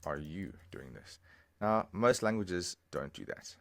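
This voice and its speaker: Over a screen recording, a man gives a language lesson, patiently explaining and slowly repeating phrases one step at a time. His voice sits low, with big swings in pitch, some creak, and a slightly bright tone.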